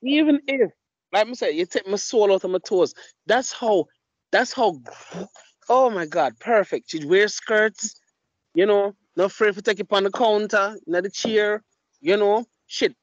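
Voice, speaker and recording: A man with a high voice hosts a casual podcast, telling blunt, profane stories. His speech sounds dry and close, with no echo or room around it, recorded through a dull, lo-fi mic.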